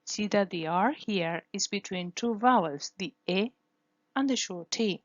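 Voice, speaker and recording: A woman's voice: mid-range voice, no echo, highs cut off. A woman whose first language is Spanish, teaching English phonetics in a careful lesson, repeating each sound to demonstrate it. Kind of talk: scripted lesson.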